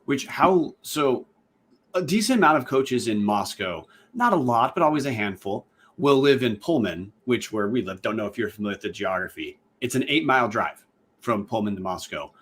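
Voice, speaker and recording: A man's voice: medium pitch, animated, moderate pace, a bit bright, breathy edge. A man co-hosting a podcast, asking long, winding questions and correcting himself as he goes. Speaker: podcast co-host. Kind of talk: podcast interview.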